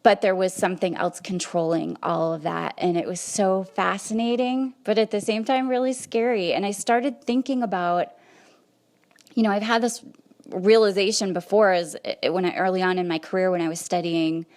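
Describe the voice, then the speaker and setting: A woman hosting a podcast, telling a personal story in a conversational, animated way. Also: mid-range voice, normal speed. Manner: conversational, animated retelling with quoted asides. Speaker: podcast host.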